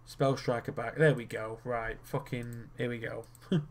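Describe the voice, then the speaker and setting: A man's voice: mid-range voice, steady tone, measured pace, a little hiss or hum. A young man rambling in casual commentary while he plays a card game, swearing freely and restarting his sentences as he gets worked up. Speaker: gaming video creator.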